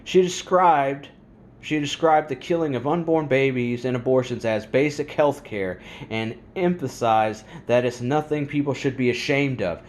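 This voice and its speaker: A man's voice: mid-range voice, normal speed. A man hosting a religious commentary vlog, talking in an angry, fired-up rant. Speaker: host.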